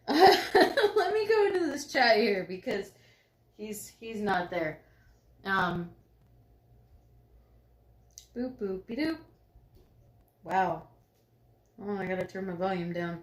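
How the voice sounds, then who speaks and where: A woman's voice: lively intonation, slow, pauses often, reverberant. A woman co-hosting a live stream from home, chatting casually and telling bubbly stories. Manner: bubbly, storytelling, voices herself and others with big pitch jumps.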